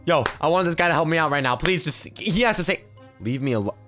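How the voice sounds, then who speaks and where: A hyped young man narrating his gameplay to viewers, his voice sitting a little higher than most men's. He talks in an excited, laughing rush, tossing "bro" and "guys" into nearly every line. Faint music plays underneath. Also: fast talker. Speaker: gaming YouTuber.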